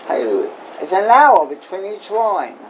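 A man's voice: sits high, sing-song, unhurried, slight background noise, poor audio. A man teaching an informal Torah class as a rabbi, questioning and emphatic, repeating his key points.

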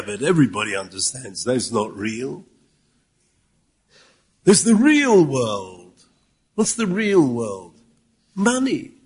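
Slow, husky rabbi with Yeshivish accent. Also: male voice, high-pitched. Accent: Yeshivish English with Yiddish and Hebrew words. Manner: rhetorical questions, quoting Hebrew sources, occasional shouted emphasis. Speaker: rabbi giving a talk. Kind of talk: Yiddish-laced Torah talk.

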